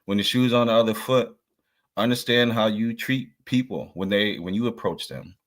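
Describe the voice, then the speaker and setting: Low-voiced man co-host, earnest advice-giver, easygoing talk. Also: moderate pace. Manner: earnest, preachy advice with repeated "you know what I'm saying". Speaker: podcast co-host. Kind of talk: casual podcast chat.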